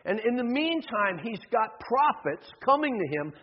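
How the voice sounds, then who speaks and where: A man's voice: extremely high pitch, sing-song, a little slow. A man preaching a sermon in a church, telling a Bible story with passion and acting out its figures. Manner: impassioned, acts out biblical figures. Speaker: pastor. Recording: dull audio with long hall reverb.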